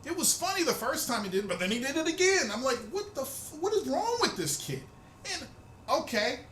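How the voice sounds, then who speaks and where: A man hosting a profane, excitable fan rant, loud and swearing freely. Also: sits high, echoey room, a little hiss or hum. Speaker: host of a rant video.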